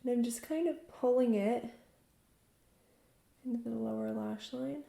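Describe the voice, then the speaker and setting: A woman's voice: a little high, a little slow, creaky, warm tone. Chatty woman vlogger in an echoey room. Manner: chatty, enthusiastic, talks while working. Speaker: beauty vlogger. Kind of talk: casual makeup tutorial chat.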